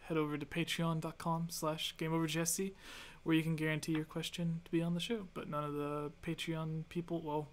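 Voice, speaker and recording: A man hosting a casual gaming podcast, wrapping up the show with quick plugs. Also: a little high, fairly bright tone, a little hiss or hum. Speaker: podcast host.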